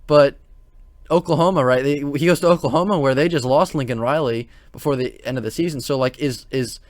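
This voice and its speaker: A man's voice: mid-range voice, fairly quick, darkish tone, no echo. Rambling man with a dry, close sound. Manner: rambling, many fillers and restarts, exasperated. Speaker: sports commentary channel host. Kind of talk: casual opinion monologue.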